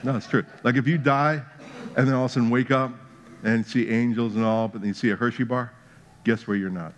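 A pastor preaching a sermon in a mid-pitched voice. He tells a playful, humorous story and drives home his points with rising emphasis. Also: steady tone, fairly quick.

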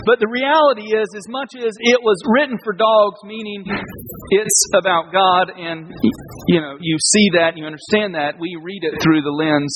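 A man preaching a sermon in a relaxed, conversational way, joking and laughing at himself. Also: high voice, normal speed, noisy background. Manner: conversational, self-deprecating, laughs at own jokes. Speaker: pastor.

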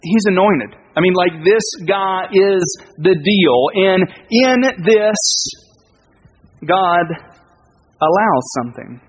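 A man's voice: high voice, expressive, slow, lo-fi sound. A male pastor giving a sermon in a loose, rambling storytelling way, often breaking off and restarting. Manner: casual, rambling, self-interrupting storytelling.

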